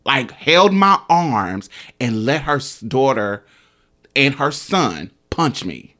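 A young man telling a story in casual chat, animated and laughing, with sound effects. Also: mid-range voice, slow pace.

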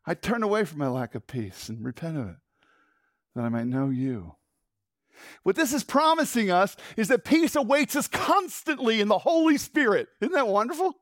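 A middle-aged man preaching a sermon as pastor, conversational and animated, swinging from loud emphasis to hushed tones and asking the congregation questions. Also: sits high, moderate pace, no echo, studio quality.

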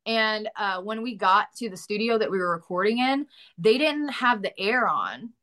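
Her voice medium-pitched, bright and pushed, a Southern US actress talks at a moderate pace with lots of expression. She's a guest in a casual interview, laughing frequently and throwing in some mild swearing.

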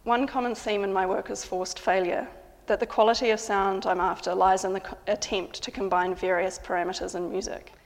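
A woman composer calmly describing how she works, in measured, reflective narration. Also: mid-range voice, big-room sound.

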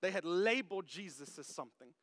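High-voiced animated male preacher. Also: fast talker, dry recording, clean studio sound. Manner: animated, jokey, talks directly to the congregation. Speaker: pastor. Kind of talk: sermon. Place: church service.

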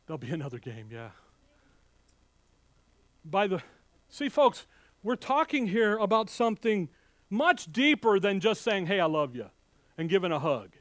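A man preaching a sermon with fiery, animated delivery, swinging between loud outbursts and hushed asides and speaking in a folksy, direct way to his congregation. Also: high-pitched, normal speed, long pauses, dry recording. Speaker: pastor.

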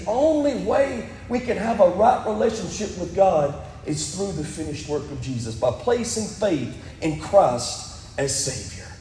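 A male pastor preaches in a church sanctuary, his strikingly high voice echoing through the hall with a long reverb tail over slight background noise. He climbs to loud, emphatic peaks when quoting scripture.

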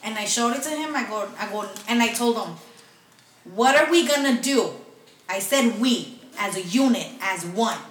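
A woman's voice: on the high side, moderate pace. A woman, telling a story on a podcast, swearing constantly and acting out both sides of a phone call. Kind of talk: casual storytelling with profanity. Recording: echoey room, mic at a distance, faint noise.

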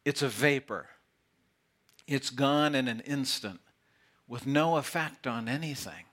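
A man preaching a sermon, playful and teasing, dropping to a hush to make a point. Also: medium pitch, measured pace. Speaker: pastor. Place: outdoor gathering with camp chairs.

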